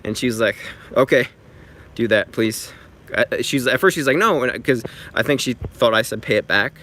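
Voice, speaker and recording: A man's voice: mid-range voice, normal speed, pushed and bright. A man telling a story in a casual vlog, chatty and exasperated, swearing freely, recorded outside near traffic. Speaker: vlogger.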